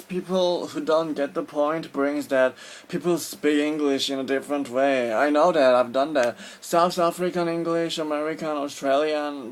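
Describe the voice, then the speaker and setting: A man from Korea, a native Korean speaker with a Korean accent, vlogging his opinions in an earnest, casual way and often stopping to search for words. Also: a little high.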